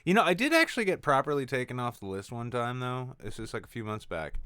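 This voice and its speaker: A man's voice: medium pitch, sing-song, fast, bright, forceful tone, smooth, no echo, clean studio sound. A man hosting a podcast, telling rambling stories in casual chat. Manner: rambling storyteller who acts out voices. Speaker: podcast host.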